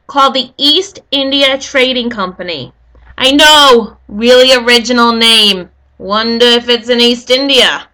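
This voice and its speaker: A woman's voice: on the high side, lively intonation, unhurried, sharp tone. A woman giving a casual, rambling history lesson, full of jokey asides to her viewers. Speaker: history video host.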